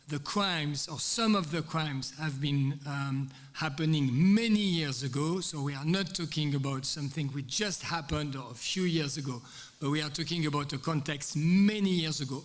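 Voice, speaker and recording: A man with a strong French accent giving a conference talk, halting with many ums and uhs and pressing hard on his key points. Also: on the high side, long reverb tail. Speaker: conference speaker. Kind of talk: hesitant prepared talk.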